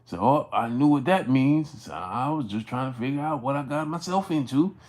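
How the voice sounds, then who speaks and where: A man's voice: mid-range voice, lively intonation, normal speed, darkish tone. A man hosting a sports livestream, telling a story in a rambling way with many fillers and restarts, and greeting chat viewers by name along the way. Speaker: sports channel host.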